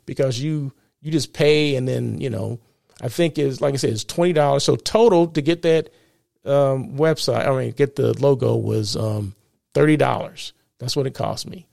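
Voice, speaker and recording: An American man hosts a live show and podcast, chatting casually, repeatedly asking "right?" and chuckling at his own jokes in live-stream style. His medium-pitched voice is a little mellow with vocal fry, at a moderate pace, recorded studio-quality with no room sound.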